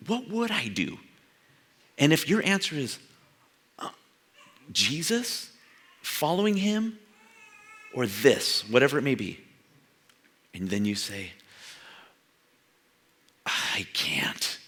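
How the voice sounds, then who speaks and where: An older man preaches a sermon in a loose, conversational way, slipping into quoted dialogue and laughing at his own asides. His voice is bright and clear. His pitch rises and falls a lot as he talks. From San Jose, California. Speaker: pastor.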